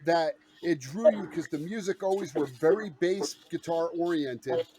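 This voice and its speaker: A man co-hosts a relaxed podcast chat, his voice sitting a little high as he rambles in a laid-back way. Other voices can be heard behind him throughout. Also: a little slow, a crowd in the background. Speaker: podcast co-host.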